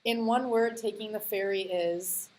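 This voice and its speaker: A woman hosting an interview, firing off quick questions in a playful way and laughing often. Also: mid-range voice, fairly even intonation, background noise. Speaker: interview host.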